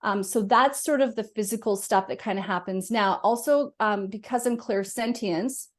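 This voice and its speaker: Woman medium guest, lively expressive talker, mid-pitched, casual interview. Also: moderate pace. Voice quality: animated, talks with her hands.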